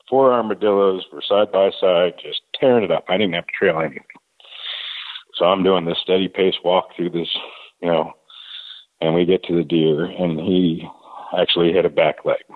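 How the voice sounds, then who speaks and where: A man telling a long, folksy hunting anecdote full of quoted back-and-forth dialogue. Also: sits low. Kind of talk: casual storytelling. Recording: tinny phone-like line.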